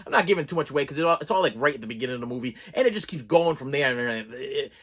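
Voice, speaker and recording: A man giving a rambling, animated horror movie review, mocking the characters in put-on voices. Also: medium pitch, rapid-fire.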